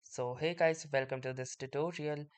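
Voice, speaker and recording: A man hosting a screen-recorded software tutorial, explaining steps in a steady way and starting many sentences with "so". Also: medium pitch, normal speed, smooth. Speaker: tutorial host.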